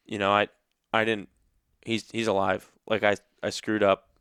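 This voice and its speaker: A young man hosts a casual chat and recounts a hunt with earnest feeling, stumbling and restarting as he goes. His voice sits a bit low and sounds smooth. The recording is dry and close. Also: little pitch movement, moderate pace, a bit bright, no echo. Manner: earnest, emotional retelling with many restarts. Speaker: podcast host. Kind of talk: casual storytelling.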